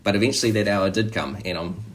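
A man preaching a sermon in a relaxed, conversational way, often restarting and saying "you know". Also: fairly low pitch, quick pace, a little hiss or hum.

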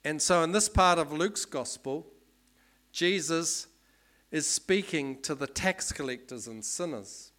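A man giving a sermon in a relaxed, explanatory way, with many ums and restarts. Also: a little high, measured pace. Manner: conversational, explanatory, with fillers. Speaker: preacher.

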